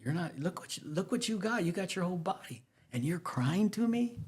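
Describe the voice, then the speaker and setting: A man's voice: sits high, big pitch swings, brisk, a little mellow, breathy edge, pitched above the performer's own voice, heavily acted. A man voicing his stern father, who bluntly scolds a crying son. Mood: scolding.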